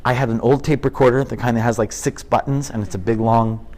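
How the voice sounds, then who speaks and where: A man in his fifties, a comedian chatting in an interview, telling animated stories and slipping into impressions. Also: medium pitch, fast. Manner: animated storyteller, drops into impressions. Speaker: comedian guest. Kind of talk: casual interview chat.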